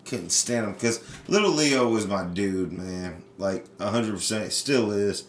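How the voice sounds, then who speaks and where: Profane, animated man telling stories. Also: lowish voice, unhurried, reverberant, a little hiss or hum. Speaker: podcast host. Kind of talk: casual storytelling chat.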